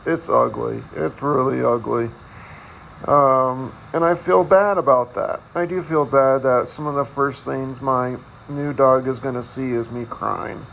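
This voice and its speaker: A man hosting a casual solo podcast, talking in a candid, self-deprecating, halting way. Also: mid-range voice, creaky, fairly bright tone, slight background noise, poor audio. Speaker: podcast host.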